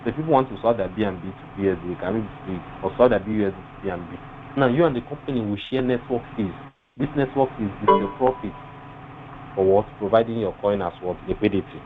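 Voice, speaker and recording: A man's voice: fairly low pitch, rapid-fire. Man teaching an online class over a tinny line. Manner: asks rhetorical fill-in questions like "what?". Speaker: webinar instructor. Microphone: online call mic. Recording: tinny phone-like line with faint noise.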